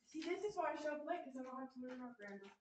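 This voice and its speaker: A woman student in a classroom, joking with her teacher in quick replies. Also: high-pitched, animated. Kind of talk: casual classroom banter. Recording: distant in echoey room with noise.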